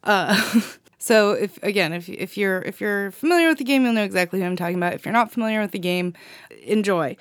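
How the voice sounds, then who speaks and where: A woman's voice: mid-range voice, animated, fairly quick, no echo. A woman co-hosting a podcast, talking in a rambling, enthusiastic way with frequent laughs. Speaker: podcast co-host. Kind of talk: casual chat.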